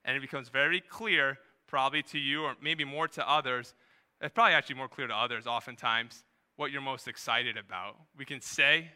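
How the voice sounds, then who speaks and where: A male pastor preaching a sermon to a live church service in a conversational way, with quick asides and rising emphasis. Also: medium pitch, bright, forceful tone, clean tone. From New Hampshire, USA.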